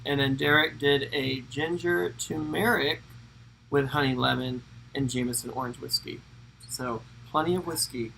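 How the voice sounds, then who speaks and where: A man's voice: medium pitch, fairly even intonation, moderate pace, gravelly, pushed and bright, a little hiss or hum, rough recording. A man co-hosting a casual travel livestream, reading out viewer names and chatting between laughs and stumbles. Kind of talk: casual live-stream chat.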